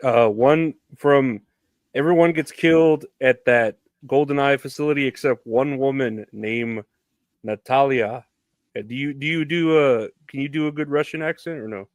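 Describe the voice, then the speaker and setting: A man's voice: mid-range voice, moderate pace, dry recording. Laid-back man on a podcast. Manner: laid-back, recapping with loose filler words. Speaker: podcast co-host. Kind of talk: casual podcast chat.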